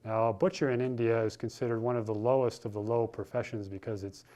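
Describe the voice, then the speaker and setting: A man's voice: mid-range voice, fairly even intonation, fast, warm tone. A man giving a spiritual talk, telling a story in an informal, conversational way with frequent restarts. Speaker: spiritual teacher. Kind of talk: sermon with storytelling.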